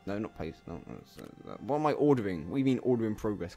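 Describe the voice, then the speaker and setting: A man doing casual let's play commentary, talking to himself and bursting into loud swearing exclamations. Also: lowish voice, big pitch swings, fast talker, vocal fry, faint music behind. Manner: chatty self-talk, swearing, bursts of exclaiming. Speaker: gameplay commentator.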